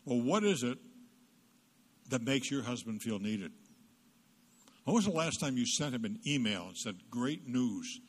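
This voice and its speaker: A man's voice: mid-range voice, big pitch swings, normal speed, long pauses, big-room sound. A man speaking as a guest psychologist at a church, telling humorous stories and acting out both sides of conversations, with punchy asides to the audience.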